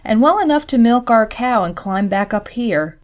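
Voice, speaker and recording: A woman's voice: a little high, animated, moderate pace, pitched above the performer's own voice, natural voice. A woman voicing a stern young farm girl giving firm orders, in an audiobook. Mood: commanding. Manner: firm, commanding.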